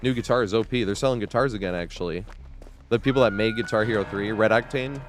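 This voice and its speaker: Male game streamer, casual and profane, loose rambling commentary, slightly low voice. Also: fast. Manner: rambling, swears a lot, laughs often. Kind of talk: live-stream gameplay commentary.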